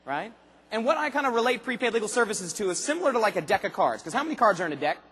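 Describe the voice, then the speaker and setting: A man giving an animated motivational speech to a large convention crowd, asking the audience rhetorical questions and acting out voices. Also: sits high, very fast, breathy edge, long reverb tail. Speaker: motivational speaker at a sales convention. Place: large arena convention hall.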